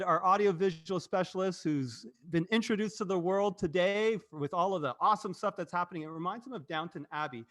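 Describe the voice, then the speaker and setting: Man, high voice, livestream host, casual, rambling, self-interrupting, quick to laugh. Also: fairly bright tone, faint music behind. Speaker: host and agency president.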